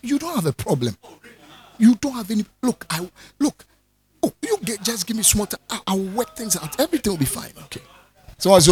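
Lively high-voiced man preaching. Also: brisk. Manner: animated preaching, jokes with the congregation, calls for responses. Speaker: pastor. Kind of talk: sermon.

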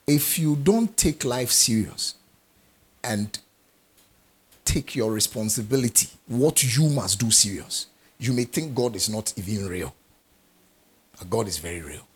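A man's voice: lowish voice, lively intonation, a little slow, pauses often, slightly rough. A man preaching a sermon, stressing key phrases by repeating them and asking his listeners questions.

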